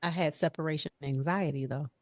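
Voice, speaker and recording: A woman's voice: low-pitched, fairly quick, no room sound, clean studio sound. A young adult woman co-hosting a casual chat, telling stories animatedly and acting out the voices of the people she quotes. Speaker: podcast co-host.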